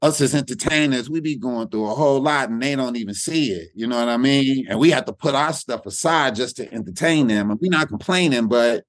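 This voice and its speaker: A man's voice: medium pitch, brisk, few pauses, no echo. Middle-aged man telling stories loosely. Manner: loose storytelling with repeated words and slang. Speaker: guest comedian. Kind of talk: reflective interview talk.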